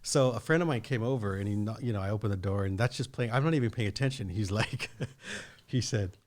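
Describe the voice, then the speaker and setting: A man's voice: fairly low pitch, brisk. A man co-hosting a podcast, telling a story in casual chat with lots of restarts and asides. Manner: rambling storyteller with many restarts. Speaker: podcast co-host.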